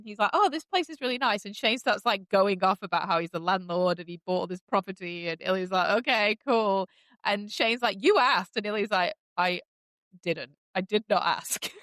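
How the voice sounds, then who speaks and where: A woman's voice: medium pitch, fairly bright tone, clear, resonant tone, no room sound. A woman hosting a podcast, recapping a TV show in a gushing, chatty way with many fillers. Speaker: podcast host. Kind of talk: casual chat recapping a TV show.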